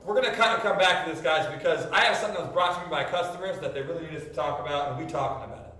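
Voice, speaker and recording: A man with a high voice trades crude jokes as a podcast co-host, loose and full of fillers. He sits some way from the mic. The room rings with heavy echo. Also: very fast, bright, forceful tone, slight background noise. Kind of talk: crude comedic podcast banter. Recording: echoey room, distant mic.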